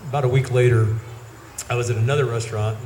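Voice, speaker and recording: A man's voice: medium pitch, fairly even intonation, fast talker, a little mellow, a little hiss or hum. Man with a head cold telling a story. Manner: rambling anecdotal storytelling with self-corrections. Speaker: eulogy speaker. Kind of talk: storytelling eulogy. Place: outdoor gathering. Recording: echoey with faint ambience.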